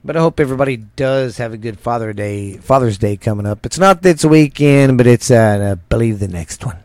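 A man's voice: mid-range voice, lively intonation, a little fast, a little mellow, dry recording. A middle-aged man hosting a show, rambling casually through a countdown with crude jokey asides. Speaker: show host. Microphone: studio microphone.

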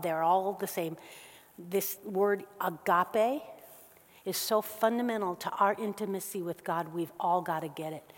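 Woman preaching in a reverberant hall. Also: medium pitch. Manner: animated, swings from soft and slow to loud and fast. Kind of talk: sermon. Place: church hall.

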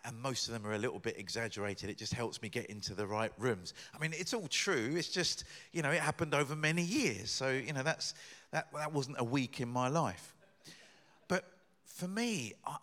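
Middle-aged guest preacher, mid-pitched, lively storytelling delivery. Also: male voice. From Britain. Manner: animated storytelling, rising loud in acted bits. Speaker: guest speaker. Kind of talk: sermon.

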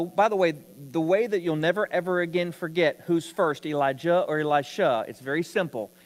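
A man's voice: fairly high pitch, in a large hall. A man preaching a sermon, telling a story with rising emphasis.

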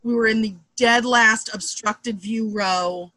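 A Boston-area woman in her thirties, appearing as a comedian guest, tells quick, animated stories in casual chat and acts out what people said. Her voice sits on the high side, and the recording is dry.

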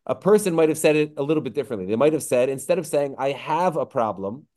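A man gives an online lesson in a middle-pitched voice, thinking aloud and filling pauses with "um" and "uh". He slows right down whenever he quotes a phrase. The sound comes through a computer mic on a video call. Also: lively intonation, darkish tone. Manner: reflective, stretches quoted phrases slowly, frequent fillers. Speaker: rabbi teaching a class. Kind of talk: online lecture.

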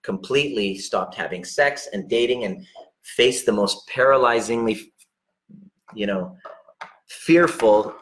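Man, lowish voice, relationship coach, blunt, emphatic, swearing, direct address. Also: measured pace, a bit bright. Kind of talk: direct unscripted coaching talk.

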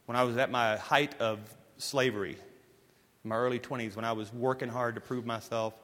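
A man preaching a sermon as pastor, telling stories emphatically and moving between forceful lines and hushed ones. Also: mid-range voice, steady tone, fairly quick. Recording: long hall reverb.

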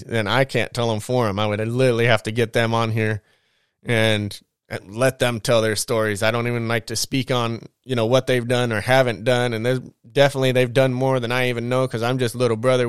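A man spins his life story in a loose, slangy ramble, full of fillers and asides. His voice is smooth and clear at an ordinary pitch. The recording is dry and close, with no room around it. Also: no echo. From Southern California. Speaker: podcast host telling his life story. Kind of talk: casual storytelling.

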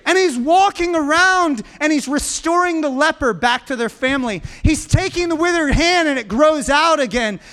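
A man's voice: very high-pitched, animated, normal speed, few pauses, sharp tone. A man preaching a sermon to a congregation, building emphatic lists and calling on the listeners to answer back. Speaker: pastor.

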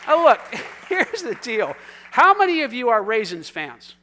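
A man preaching a sermon, talking with his congregation in a conversational, energetic way that swings from quiet asides to loud, exuberant calls. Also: very high voice, a little slow, some chatter behind, a little hiss or hum. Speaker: pastor. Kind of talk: sermon with congregation call-and-response.

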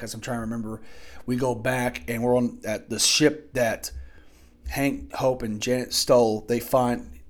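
A man giving a casual spoken film review into a desk microphone, rambling and profane, with frequent restarts. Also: medium pitch. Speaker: movie reviewer.

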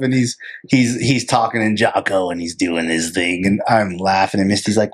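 A man co-hosts a podcast, chatting casually and telling stories with lots of animation and frequent laughter. His pitch is medium and his speed is normal.

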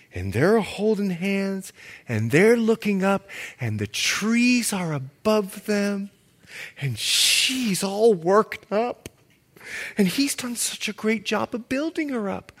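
Animated, joking male preacher. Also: sits high. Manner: animated, jokey, acts out quotes. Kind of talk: sermon.

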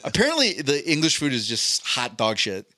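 A man of ordinary pitch, neither high nor low, spins a meandering story on a podcast, loose and casual with the odd curse word. His voice comes across close and dry, with no room around it. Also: wildly swooping pitch, moderate pace, pushed and bright, no room sound. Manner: rambling anecdotal storytelling with profanity. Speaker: podcast co-host. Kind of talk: casual chat.

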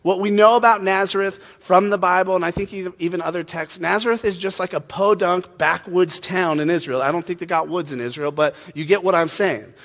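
A man's voice: high voice, fairly quick, few pauses, a bit bright. A man preaching a casual, joking sermon, chatty and full of fillers. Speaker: pastor. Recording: long hall reverb.

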